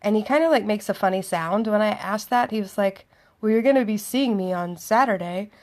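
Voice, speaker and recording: A woman's voice: mid-range voice, fairly quick, a little mellow. A woman telling a dating story in a chatty, sardonic monologue, acting out both sides of the conversation. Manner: chatty, sardonic, acts out dialogue. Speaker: vlogger.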